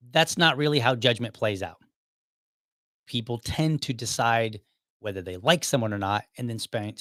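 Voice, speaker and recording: Podcast host, male, 30s, mid-pitched, conversational and exasperated, dry booth sound. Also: fairly bright tone, no echo. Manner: conversational, exasperated, many restarts and quoted asides. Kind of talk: casual solo commentary.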